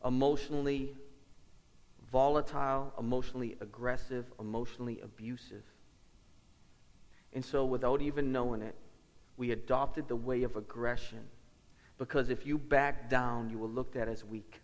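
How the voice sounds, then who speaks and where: A man preaching a sermon in a church, earnest and personal, often repeating his key lines for weight. His voice sits at an ordinary middle pitch and carries a long reverb from the sanctuary. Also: steady tone, moderate pace. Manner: earnest, storytelling with repeated phrases. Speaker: lead pastor.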